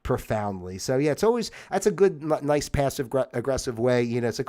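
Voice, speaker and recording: A man's voice: mid-range voice, expressive, fairly quick, hardly any pauses, mellow. A man hosting a livestream, talking through ideas in a rambling, reflective way with many fillers and restarts. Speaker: host. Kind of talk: casual livestream monologue.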